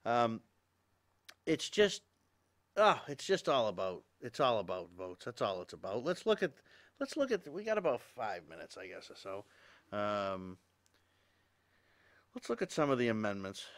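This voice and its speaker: Animated, agitated male talk show host. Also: medium pitch, normal speed, pauses often. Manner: agitated, ranting, with exasperated laughs. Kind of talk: opinion commentary.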